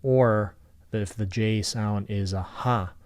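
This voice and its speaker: A man giving a recorded lecture on Philippine script, patiently and deliberately sounding out syllables one by one. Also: fairly low pitch, fairly even intonation, a little mellow.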